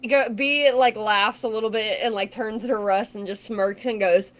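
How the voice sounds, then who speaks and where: A woman's voice: mid-range voice, steady tone, normal speed, few pauses. A woman playing a tabletop game, animatedly describing her character's actions. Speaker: player. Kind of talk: casual tabletop game play.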